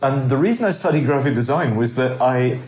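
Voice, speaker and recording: A man's voice: mid-range voice, a little fast, darkish tone. A man in his sixties, raised in Scotland, giving long storytelling answers as an interview guest, with wry asides. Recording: roomy echo.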